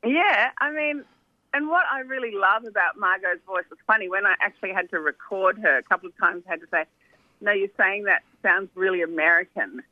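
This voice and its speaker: A woman's voice: mid-range voice, brisk, no room sound. A middle-aged documentary filmmaker, a woman, chatting animatedly as a phone-in guest. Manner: chatty, animated storytelling with asides. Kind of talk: phone interview. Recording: tinny phone line.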